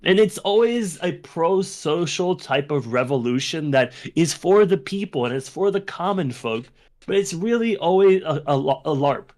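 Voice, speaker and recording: A man co-hosting a podcast in casual chat, animated and profane, with quick mocking asides. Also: a little high. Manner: animated, swears, laughs, mocks types in quoted voices. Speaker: podcast co-host.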